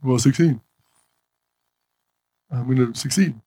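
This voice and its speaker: A man giving an energetic motivational talk on stage, often asking the audience questions. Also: mid-range voice, slow pace. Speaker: motivational speaker.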